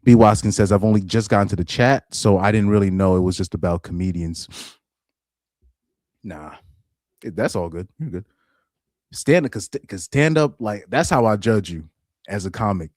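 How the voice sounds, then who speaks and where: Male streamer, deep voice, casual rambling chat read-out, dry close sound. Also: moderate pace, long pauses, darkish tone, no room sound. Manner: loose and rambling, repeats words, laughs often. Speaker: livestream host reading chat. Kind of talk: casual live-stream commentary.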